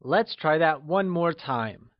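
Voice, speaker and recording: A man narrating a scripted language lesson, slow and encouraging, with deliberate explanations. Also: a little high, expressive, dry recording, highs cut off. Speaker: language teacher.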